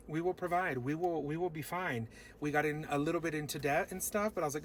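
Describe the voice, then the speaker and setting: A man's voice: a little high, fast talker, slight background noise. A man tells a personal story to his viewers in a casual, earnest and encouraging way. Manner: earnest, upbeat, encouraging, talks straight to viewers. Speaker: vlogger.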